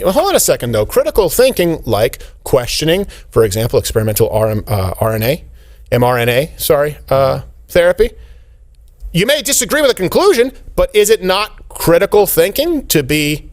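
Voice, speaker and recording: A man in his thirties hosts a political talk show with biting sarcasm. His voice swings widely in pitch and sits a little high for a man. He often drops into mocking impressions. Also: sing-song, fairly quick. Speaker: show host.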